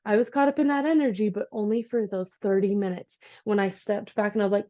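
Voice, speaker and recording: Chatty woman with a low-fi sound. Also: quick pace, few pauses. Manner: chatty, animated retelling with voiced asides. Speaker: energy healer. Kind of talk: casual vlog monologue. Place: home office. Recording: dull lo-fi recording.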